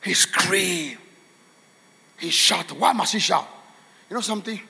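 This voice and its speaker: A man preaching a fiery sermon in a church, shouting and chanting in a sing-song cadence. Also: high-pitched, a little fast, creaky, husky. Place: church hall. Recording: echoey church hall.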